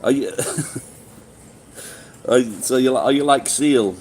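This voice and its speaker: A man's voice: mid-range voice, slow, a little mellow, a little hiss or hum, poor audio. A middle-aged man with a Sheffield accent, live-streaming and chatting casually with viewers in a rambling, swearing way with many restarts. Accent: Sheffield English. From England.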